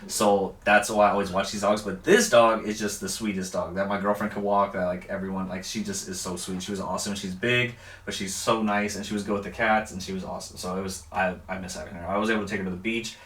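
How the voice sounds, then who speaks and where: Chill podcast guy, lowish voice, kinda echoey far-off mic, laughs a lot. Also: steady tone, quick pace, a bit bright. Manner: laid-back, rambling, laughs often. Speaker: podcast co-host. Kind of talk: casual chat. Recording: roomy, distant mic, lo-fi backup audio.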